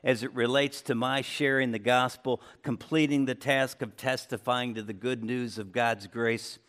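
Conversational male pastor preaching. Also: moderate pace. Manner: conversational preaching, lively swings in pitch and loudness. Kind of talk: sermon. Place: church sanctuary.

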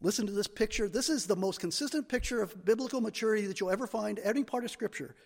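A male pastor preaching a sermon in a church, animated and building to emphatic peaks. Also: high voice, quick pace, vocal fry, in a large hall.

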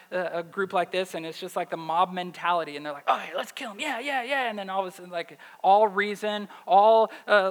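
Animated preacher in a reverberant hall. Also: male voice, high voice. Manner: animated, asks the audience questions. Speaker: pastor. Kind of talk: sermon with scripture reading.

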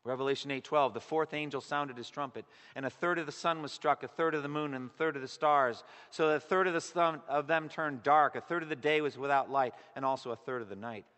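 A man preaching a sermon in an earnest way, his voice swelling loud on key words and then dropping to a hush. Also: mid-range voice. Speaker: pastor. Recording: long echo of a large hall.

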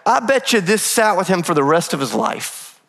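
A man preaching a sermon as pastor, telling stories lively with humorous asides. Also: sits high, moderate pace, creaky. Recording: long reverb of a large hall.

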